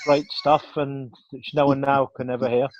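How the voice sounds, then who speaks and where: A man co-hosting a podcast, jokey, with loud bursts of enthusiasm. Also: mid-range voice, little pitch movement, moderate pace, slight background noise. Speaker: podcast co-host. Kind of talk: casual podcast banter. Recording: dull lo-fi sound.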